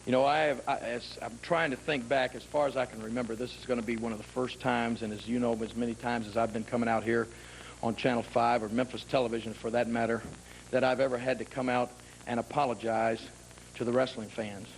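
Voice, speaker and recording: A pro wrestler speaking in a TV studio, earnest and emphatic, piling up repeated phrases for force in a wrestling promo. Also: male voice, medium pitch, flat delivery, fairly quick, creaky, slight background noise, low-quality recording.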